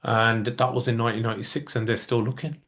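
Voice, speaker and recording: A man's voice: mid-range voice, quick pace. A man, a musician guest telling stories in a casual interview and acting out the dialogue he quotes. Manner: lively storyteller who acts out quoted dialogue.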